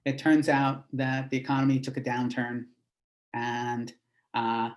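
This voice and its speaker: A man's voice: medium pitch, level tone, measured pace. Male rabbi telling a story. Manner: conversational, with fillers and asides. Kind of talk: storytelling lesson.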